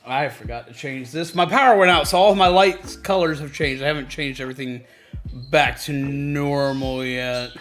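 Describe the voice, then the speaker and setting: A high, bright male voice chatting casually as a livestream host. He is chatty and excitable and repeats himself often. Faint background music plays under him. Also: moderate pace.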